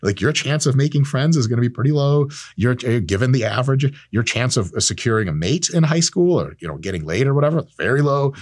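A man in his thirties hosting a casual monologue, animated and swearing freely, acting out imagined exchanges. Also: medium pitch, fast talker, hardly any pauses. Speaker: host.

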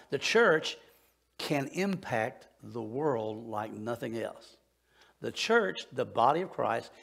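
A man preaching a sermon in a church, folksy and animated, bantering with the congregation. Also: medium pitch, gravelly, husky. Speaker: pastor. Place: church sanctuary.

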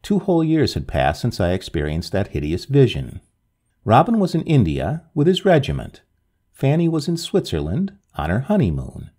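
A man reading a Victorian ghost story aloud with a dramatic, expressive delivery. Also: mid-range voice, moderate pace.

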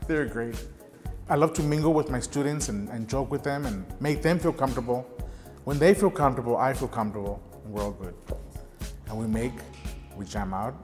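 A man's voice: mid-range voice, a little fast, a little mellow, in a large hall, faint music behind. A middle-aged man who teaches ceramics tells earnest stories in a documentary interview. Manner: earnest, storytelling with gestures.

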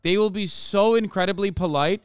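A man's voice: high-pitched, moderate pace, clear, resonant tone, no echo, studio quality. A young man streamer giving a profane, emphatic reaction rant, often repeating himself. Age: young adult. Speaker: streamer and commentator.

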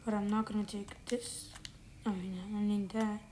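A woman gamer thinks aloud in casual commentary while playing, rambling and correcting herself. Her mid-range voice is flat and moderately paced, over loud background noise with clicks.

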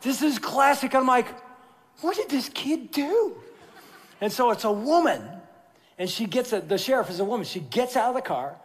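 High-voiced pastor in a big echoing church. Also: male voice, fairly quick. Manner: animated, jokey storyteller who turns quiet and earnest. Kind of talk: sermon with storytelling. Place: large church sanctuary. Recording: long reverb of a large church hall.

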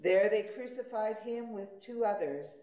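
A woman reading scripture narration slowly and deliberately at a church service. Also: medium pitch, lively intonation, mellow. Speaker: lay reader, narrator. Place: church sanctuary. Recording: echoey church.

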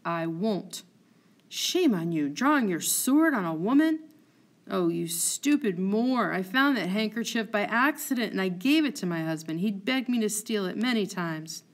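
A woman's voice: medium pitch, animated, normal speed, close to an everyday voice. A woman voicing an outraged, loyal maidservant who speaks with indignant passion. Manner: indignant, impassioned.

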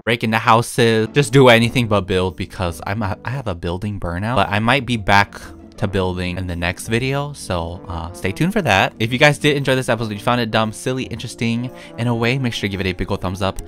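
A man's voice: on the low side, fairly quick, few pauses, a bit bright, soft background music. A man giving casual gameplay commentary as a gaming YouTuber, giggly and mischievous and laughing often.

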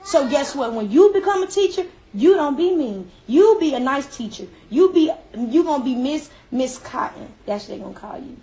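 A woman's voice: sits high, moderate pace, few pauses. A woman hairstylist talking live while doing a child's hair, emotional and encouraging, close to tears. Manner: lively, emphatic. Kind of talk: casual live-stream talk.

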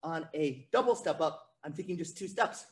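A man's voice: on the high side, expressive, normal speed. A man teaching a virtual martial arts class to kids, coaching energetically and counting out drills. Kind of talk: virtual kids' class instruction.

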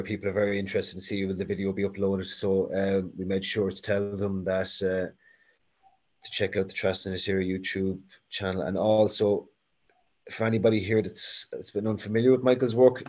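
An Irish man with a Carlow accent hosts the talk in a low, even voice that rarely rises or falls. He pauses on many fillers as he reads the questions. The sound is dull and lo-fi. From Ireland. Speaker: host reading audience questions. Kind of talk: hosting an online talk.

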